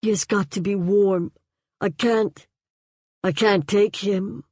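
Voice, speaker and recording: A woman reading aloud, voicing a frightened young mother who speaks softly in whispers. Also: mid-range voice, steady tone, takes it slowly, slightly rough, dry recording, pitched above the performer's own voice. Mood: desperate. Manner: soft, whispering.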